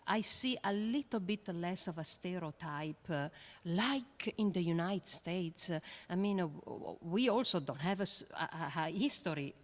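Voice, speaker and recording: A woman with an Italian accent, whose first language is Italian, speaks as an astrophysicist and educator on a panel, earnest and halting with many fillers. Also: lowish voice. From Italy. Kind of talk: panel discussion.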